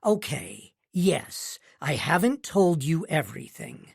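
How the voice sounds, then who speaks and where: A man's voice: on the high side, sing-song, slow, vocal fry, husky, no room sound, clean studio sound, exaggerated voice. A man reading an audiobook, voicing a volatile businessman father who bellows and then wheedles. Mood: wheedling. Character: volatile middle-aged male tycoon father. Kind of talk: audiobook narration.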